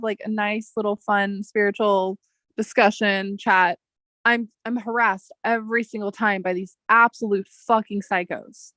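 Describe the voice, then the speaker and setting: A woman's voice: medium pitch, little pitch movement, a little slow, a bit bright, dry recording. A woman hosting a casual livestream chat, talking in a rambling way with a lot of swearing. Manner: angry, profane, rambling. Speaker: chat host.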